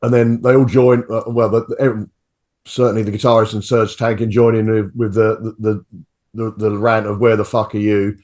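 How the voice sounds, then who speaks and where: A man co-hosting a music review show, talking in a halting way with lots of repeated words. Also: on the low side, level tone, darkish tone. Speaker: co-host. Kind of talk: casual music review chat.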